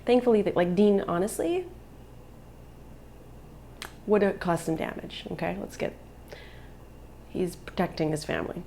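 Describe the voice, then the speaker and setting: A woman's voice: fairly low pitch, lively intonation, a little slow, creaky, pauses often, warm tone, slight background noise. A woman in her thirties, a vlogger and mother, telling a personal story in an earnest, emotional way.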